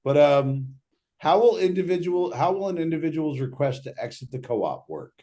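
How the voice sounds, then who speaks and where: A man's voice: fairly high pitch, sing-song, normal speed, warm tone. A man hosting a casual livestream Q&A, reading out audience questions and joking between them. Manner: loose, joking, reads questions aloud.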